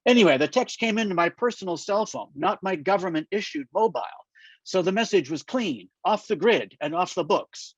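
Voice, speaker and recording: A man reads a first-person novel aloud with wry, deadpan timing. His voice sits a little high, and the recording is dull and dry, with no room sound. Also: normal speed, no echo. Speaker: author reading at a literary festival.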